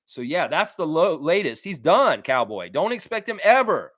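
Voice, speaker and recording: Blunt, animated male sports streamer. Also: on the high side, moderate pace, no echo, clean studio sound. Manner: blunt, animated, swears freely, repeats himself for emphasis. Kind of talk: live fan reaction stream, reading chat.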